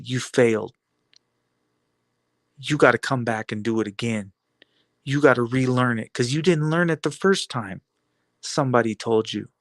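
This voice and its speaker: A man's voice: medium pitch, no echo. A man giving a defiant, taunting monologue full of rhetorical questions and repeated phrases. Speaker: video blogger.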